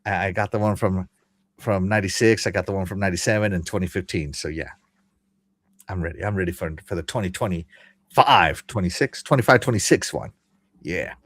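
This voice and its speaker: A man's voice: low voice, a little fast, fairly bright tone, no echo. A man hosting a podcast, casually chatting and reading chat messages aloud with frequent laughter. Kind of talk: casual live-stream chat.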